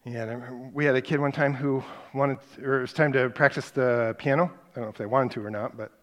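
A man's voice: medium pitch, steady tone, a bit bright. A middle-aged man teaching a parenting class, telling stories in a conversational way and stressing his main points with repetition. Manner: conversational storytelling with emphatic repeated points; acts out parent and child lines in quick snippets.

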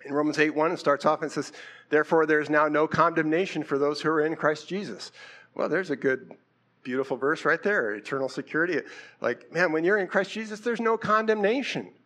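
A man's voice: a little high, a little fast, a bit bright. A man preaching a sermon in a casual, conversational way, asking rhetorical questions. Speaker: pastor.

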